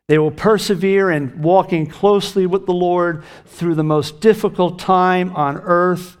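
Earnest middle-aged male preacher. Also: fairly high pitch. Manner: earnest, emphatic preaching with lifts on key phrases. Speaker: pastor. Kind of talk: sermon.

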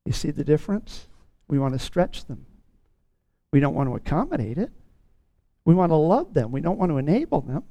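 A man's voice: on the high side, very animated, a little fast, pauses often, warm tone, no room sound. A man preaching a sermon as pastor of his church, teaching earnestly and repeating key phrases for emphasis.

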